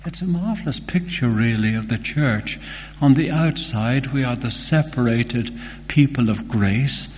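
An older man preaching a sermon in a church, earnest and slow, with fond asides. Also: mid-range voice, darkish tone. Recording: long hall reverb, faint hum.

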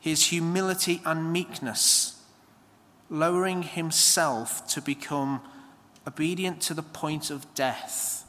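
Male preacher, slightly higher voice, unhurried reflective homily, church echo. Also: fairly even intonation, pushed and bright. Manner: slow, measured homily with reflective pauses. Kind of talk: sermon. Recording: long church reverb.

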